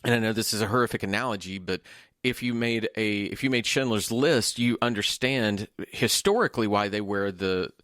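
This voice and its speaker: A man with a lowish voice and a dry, close sound talks casually about a movie. He is thoughtful and restarts as he searches for the right words. It is a home mic on a video call. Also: moderate pace, fairly bright tone, no room sound. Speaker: podcast co-host.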